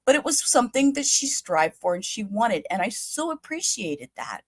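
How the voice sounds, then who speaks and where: Motherly woman clearing a catching throat. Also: fairly high pitch, big pitch swings, normal speed, no room sound, low-quality recording. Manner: motherly, chatty and emotional. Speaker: livestream co-host. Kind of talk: casual livestream chat.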